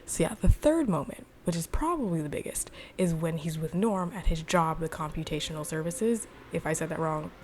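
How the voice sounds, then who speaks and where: A woman's voice: low voice, lively intonation, a little fast, hardly any pauses, darkish tone, a little hiss or hum. A young woman casually recapping a TV episode in a chatty, rambling way, full of "like.". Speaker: video reviewer.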